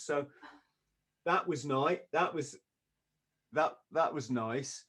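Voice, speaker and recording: A man, a podcast guest, telling a story in a lively way, often laughing and acting out what others said. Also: fairly high pitch, takes it slowly, slightly rough. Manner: lively, acts out quoted voices, laughs often.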